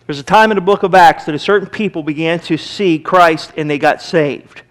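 A man with a Midwestern American accent preaches from the pulpit in a high, bright register. He is emphatic and conversational and slips into little acted-out quotes as he speaks to the congregation. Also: brisk. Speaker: pastor. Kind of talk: sermon. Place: church sanctuary.

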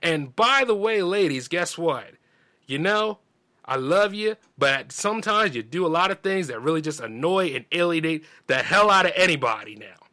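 A bright, forceful-sounding man with a Southern drawl holds forth on his own podcast. He rants emphatically, leaning hard into his points in a slightly high voice. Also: expressive, moderate pace. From Southern United States. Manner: ranting, emphatic, mimics others in a high voice. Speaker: podcast host. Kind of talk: opinionated monologue.

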